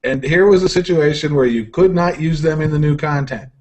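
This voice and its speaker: A podcast co-host chats casually and jokes, tripping over repeated words as he talks. His voice sits a little above the usual pitch for a man. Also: fairly quick, a little mellow, rough recording. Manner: jokey, stammers with repeated words. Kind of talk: casual chat.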